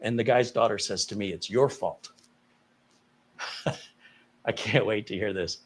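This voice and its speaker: A man, co-host of a live tech stream, telling a client story in a casual, animated and incredulous way. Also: fairly low pitch, normal speed. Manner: animated, incredulous retelling with laughs.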